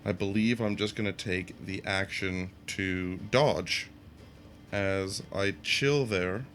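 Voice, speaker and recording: Low, bright-toned excitable male player. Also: takes it slowly. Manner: excitable, joking, thinks aloud. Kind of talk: casual tabletop play.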